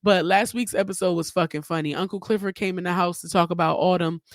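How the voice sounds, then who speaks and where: A woman's voice: lowish voice, fairly even intonation, quick pace, no echo, clean studio sound. A woman hosting her own podcast, giving blunt, profane, chatty commentary in a casual solo talk. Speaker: podcast host.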